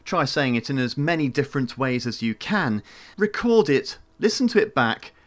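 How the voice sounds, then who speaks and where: A man narrating a scripted lesson on using the voice, in a measured, demonstrative way. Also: mid-range voice, very animated, fairly bright tone. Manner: measured, demonstrative, shifts tone to show examples. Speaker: voice coach.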